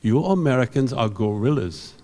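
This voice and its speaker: A man's voice: mid-range voice, animated, moderate pace, dark tone, lightly acted. An older man voicing a stern male animation ink instructor with a thick accent, giving clipped, blunt commands, heard in a reverberant convention hall. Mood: scornful.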